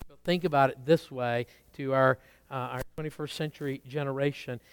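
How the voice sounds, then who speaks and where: A man preaching a sermon, rising to strong emphasis and dropping to quiet asides. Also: mid-range voice, steady tone, a little fast, clean tone, no room sound. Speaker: pastor.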